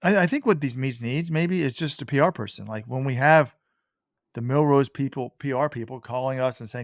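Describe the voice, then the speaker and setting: A man's voice: medium pitch, fairly quick, dry recording. A man co-hosts a podcast in casual, opinionated talk. His voice sits in an ordinary middle range, recorded dry and close. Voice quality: opinionated, critical commentary. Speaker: podcast co-host. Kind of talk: casual chat.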